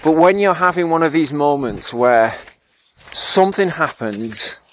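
A man's voice: fairly high pitch, expressive, measured pace, fairly bright tone. A man hosting a solo podcast, reflecting in a thoughtful, self-deprecating way with fillers and frequent laughs. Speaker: podcast host and therapist.

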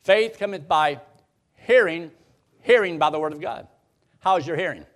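A man's voice: on the high side, moderate pace. A man preaching a sermon, quoting scripture in old-style wording and repeating phrases for emphasis.

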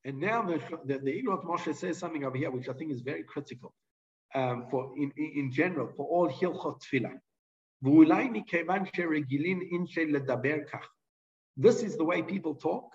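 A man with a fairly high voice talks fast while teaching a halachic Torah lesson, reading Hebrew and Aramaic sources aloud and explaining them in English with frequent restarts and fillers. The mic is distant and the sound is lo-fi.

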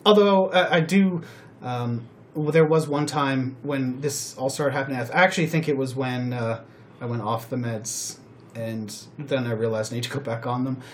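A man hosting a podcast, telling personal stories in a rambling, animated way with many fillers. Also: medium pitch, moderate pace, a little hiss or hum. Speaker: podcast host. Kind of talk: casual chat.

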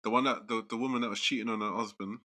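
A man's voice: lowish voice, steady tone, racing, crowd noise. A man, chatting casually and laughing through his own stories. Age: 30s. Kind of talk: casual chat.

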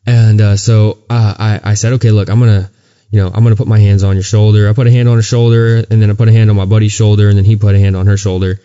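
A man's voice: fairly low pitch, little pitch movement, fast talker, mellow, muffled recording. A man co-hosting a podcast, telling a story of his faith in an earnest, casual way, often stumbling and restarting. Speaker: podcast co-host. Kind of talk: casual chat and testimony.

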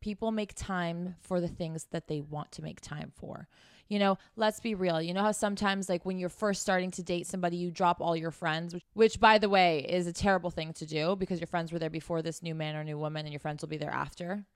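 A woman's voice: on the low side, steady tone, a little fast, smooth, no room sound, clean studio sound. A woman hosting a podcast, giving blunt, profane dating advice and scolding her listeners. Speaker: podcast host.

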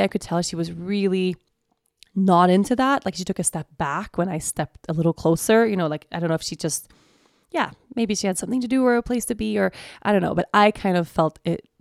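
A woman in her thirties hosting a podcast, telling a personal story in a casual, lively way and acting out the voices of the people in it. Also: medium pitch, vocal fry, no room sound, clean studio sound. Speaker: podcast host.

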